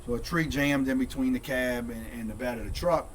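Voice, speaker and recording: A man's voice: mid-range voice, fairly quick. A middle-aged man spins a long personal story in loose, repeating phrases. He sits a little back from the microphone, so he sounds slightly distant. A faint hiss runs under the talk. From St. Bernard Parish, Louisiana. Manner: rambling, repeats words, says "dude" often. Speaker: guest, content creator. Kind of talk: casual storytelling.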